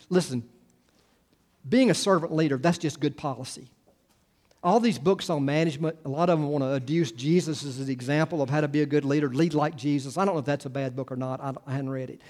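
A man's voice: on the high side, darkish tone. Man preaching a rambling, conversational sermon. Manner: conversational, full of restarts and asides. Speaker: pastor.

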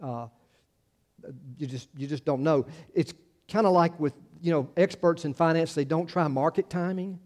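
A man's voice: on the high side, normal speed, a little mellow. A man preaching a conversational sermon as a pastor, informal and chatty, with wry asides to the congregation. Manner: informal and chatty, many fillers and restarts.

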